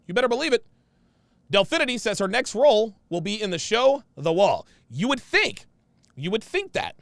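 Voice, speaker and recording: A man's voice: high-pitched, very animated, moderate pace, creaky, a bit bright, dry recording, studio quality. A man hosting a casual livestream, reading viewer comments aloud and reacting in a blunt, slangy way, often saying the same phrase twice.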